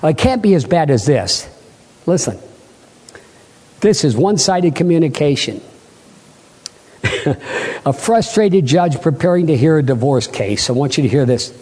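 A man's voice: on the high side, big pitch swings, unhurried, long pauses, a little mellow, slightly rough. A man preaching a sermon, emphatic and rising to fervent peaks, asking the congregation questions. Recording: long hall reverb.

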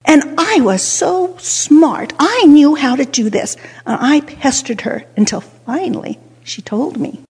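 An older woman telling a childhood story with a lesson, animated and dropping to hushed whispers for suspense. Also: high voice, unhurried, hardly any pauses. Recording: long hall reverb.

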